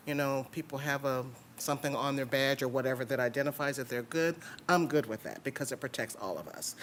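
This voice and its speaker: A man's voice: mid-range voice, fairly bright tone, slight background noise. A man speaking as a city council member at a public meeting, plain and matter-of-fact with some fillers.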